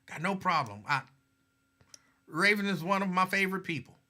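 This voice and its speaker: A man's voice: sits high, normal speed. A man hosting a live talk stream, chatting casually and reading viewer comments aloud in a laid-back, way. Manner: laid-back, chatty, signs off with warm advice.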